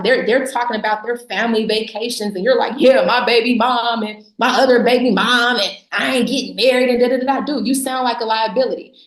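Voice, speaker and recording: A woman with a fairly high voice speaks bluntly and sarcastically, pressing her points with emphasis and laughing often. She talks in a casual interview. The recording has a noticeable room echo. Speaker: podcast guest, business founder. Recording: echoey room.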